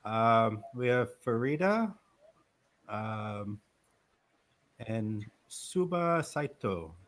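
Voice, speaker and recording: A man's voice: fairly low pitch, sing-song, drawn-out words. A man co-hosting a live podcast, friendly, greeting listeners by name and reading out their comments. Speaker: podcast co-host. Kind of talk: casual live-show chat.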